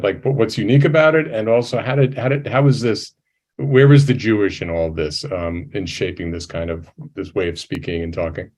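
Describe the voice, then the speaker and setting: A man's voice: fairly low pitch, darkish tone. A man moderating a video-call panel, asking rambling questions with frequent restarts. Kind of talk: hosting a panel discussion over video call.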